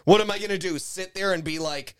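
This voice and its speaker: A man's voice: high-pitched, brisk, a bit bright, clean tone. A man co-hosting a podcast in casual chat, teasing and often breaking into laughter. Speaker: podcast co-host.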